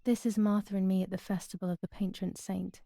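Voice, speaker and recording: An actress playing a grieving young woman who narrates her loss in a hushed, melancholy game voice. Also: medium pitch, flat delivery, brisk, vocal fry, no room sound, clean studio sound. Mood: sorrowful.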